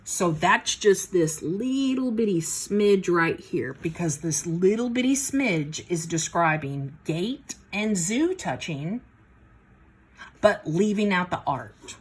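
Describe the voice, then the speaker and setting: Slow-paced and slightly rough, this woman's fairly low voice has lively intonation as she teaches math in a folksy, casual way. She talks herself through every step of a problem and is a little out of breath in this worked-problem lesson.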